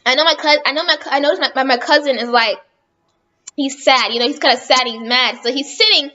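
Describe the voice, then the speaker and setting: A woman's voice: high voice, quick pace, bright, forceful tone, lo-fi sound. A woman telling a rambling storytime on her vlog, chatting casually and often correcting herself. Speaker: vlogger.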